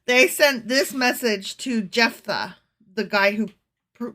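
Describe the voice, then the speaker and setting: Woman podcast co-host, higher voice, bright tone, sarcastic reads with dramatic emphasis. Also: slow pace. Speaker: podcast co-host reading scripture. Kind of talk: casual chat, reading aloud.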